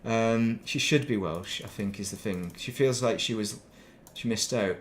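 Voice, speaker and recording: Rambling man with soft northern English accent. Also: fairly low pitch, unhurried. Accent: northern English, softened. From northern England. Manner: rambling, thinks aloud, laughs at himself. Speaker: game streamer. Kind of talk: casual chat while playing.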